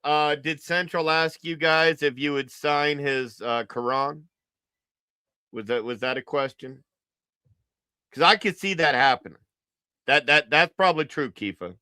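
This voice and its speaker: A man's voice: fairly high pitch, a little slow, pauses often, bright, forceful tone, smooth, no room sound. A man hosting a livestream, giving casual, joking reaction commentary and repeating his phrases. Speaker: livestream host.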